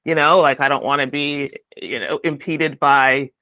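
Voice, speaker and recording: Podcast guest: a lively man with a slightly high voice, lo-fi dry sound. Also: moderate pace, no echo. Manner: animated, acts out quoted voices. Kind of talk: casual chat.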